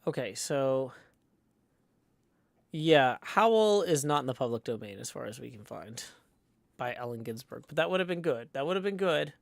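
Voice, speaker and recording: A man livestreaming in casual chat, reading viewer messages aloud and rambling with many pauses and restarts. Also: medium pitch, animated, creaky, no room sound. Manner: hesitant and rambling, many ums and restarts, tries out playful howls.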